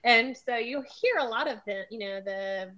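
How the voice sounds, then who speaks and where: A woman's voice: a little high, moderate pace, pushed and bright, highs cut off. A woman with a Southern US accent hosting an interview in casual chat, chatty and laughing often over a video call. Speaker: host.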